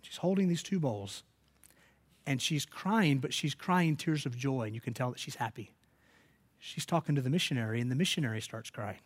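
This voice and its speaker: A man's voice: medium pitch, normal speed, husky. A man preaching a sermon, telling stories and rising to emphatic peaks. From United States. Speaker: pastor.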